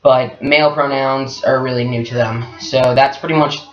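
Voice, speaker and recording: A man in his twenties, telling a personal story in a candid, reflective, soft-spoken way. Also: mid-range voice, steady tone, normal speed. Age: 20s. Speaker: guest partner. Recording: echoey room, dull lo-fi sound.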